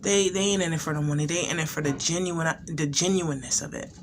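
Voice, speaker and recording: A woman's voice: deep voice, fast talker, noisy background. A woman giving casual commentary as a reaction video host, thinking aloud with frequent restarts.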